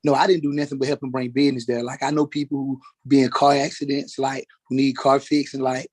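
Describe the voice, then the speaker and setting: A man testifying as a witness in a courtroom, halting and repeating words as he goes. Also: mid-range voice, flat delivery, darkish tone. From Atlanta, Georgia, US.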